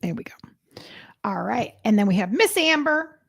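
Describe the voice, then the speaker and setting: A woman hosting a live stream as a psychic reader, chatting casually and excitedly with her viewers. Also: high voice, quick pace, dry recording, studio quality.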